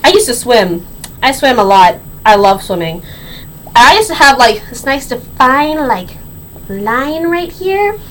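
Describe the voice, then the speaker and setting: An eighteen-year-old woman telling a story on her vlog in a sassy, slangy, animated way. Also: sits high, measured pace, a little hiss or hum, poor audio. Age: young adult. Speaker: vlogger.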